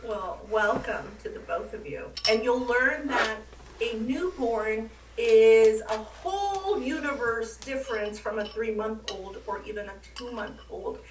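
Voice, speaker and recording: A woman's voice: on the high side, unhurried, slight background noise. A woman leading an online class and welcoming the participants in an instructive manner. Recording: echoey distant call audio.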